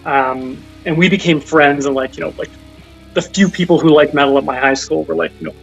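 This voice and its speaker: A young man rambles casually as a call-in guest, restarting his sentences and filling them with "like" and "um". His voice sits a little high and has a gravelly fry. The call sounds dull and lo-fi, with faint music underneath. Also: steady tone, fairly quick. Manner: rambling, full of fillers and restarts. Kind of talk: casual interview by phone. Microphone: phone call.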